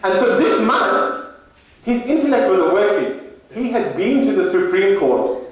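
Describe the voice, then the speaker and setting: A man with a British accent telling a story in a sermon, animated and acting out the voices of the people in it. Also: high-pitched, measured pace. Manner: animated, acts out voices in his stories. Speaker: preacher. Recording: echoey hall, from far off.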